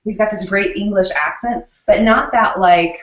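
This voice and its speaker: A woman co-hosting a home cooking show in a kitchen, chatting in an excitable way and laughing often. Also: medium pitch, normal speed, background noise. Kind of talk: casual chat. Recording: roomy, distant, dull sound.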